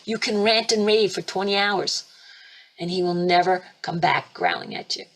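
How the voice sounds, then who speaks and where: Husky, fervent woman preaching to a webinar. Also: moderate pace. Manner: emphatic and fervent, with sudden jumps in pitch and loudness. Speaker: spiritual teacher hosting a webinar. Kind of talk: impassioned preaching webinar talk. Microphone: computer mic for a webinar.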